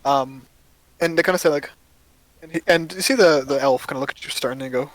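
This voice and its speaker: A man's voice: fairly high pitch, brisk, slight background noise, poor audio. A man narrating as game master of a tabletop game, casual, with many fillers.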